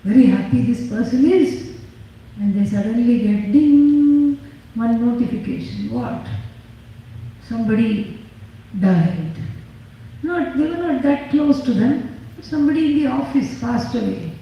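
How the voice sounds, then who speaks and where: A woman's voice: a little high, unhurried, long pauses, muffled recording. A woman teaching scripture in a lecture, asking questions and answering them herself with dry humor. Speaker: spiritual teacher. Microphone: phone in the audience. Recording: very echoey hall, far from the mic.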